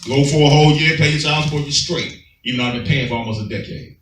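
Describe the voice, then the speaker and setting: A man's voice: a little high, quick pace, a bit bright, slight background noise. Emphatic preaching man in a roomy space. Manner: emphatic, streetwise, asks listeners for agreement. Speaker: teacher of a Sabbath class. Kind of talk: preaching scripture commentary. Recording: roomy, far from the mic.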